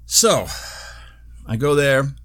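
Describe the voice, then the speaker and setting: A man with a mid-range voice speaks slowly as he hosts his own show, giving a casual video update. He tells an animated story, swearing freely and laughing often.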